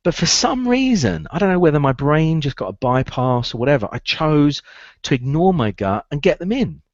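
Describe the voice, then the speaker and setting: A man delivering a coaching lesson, his pitch swinging widely as he stresses and repeats his points. The sound is dry and a little dull, close to the mic with no room around it. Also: big pitch swings, normal speed, dry recording. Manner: emphatic, repeats key phrases for emphasis. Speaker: recruitment business coach. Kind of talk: presented training talk.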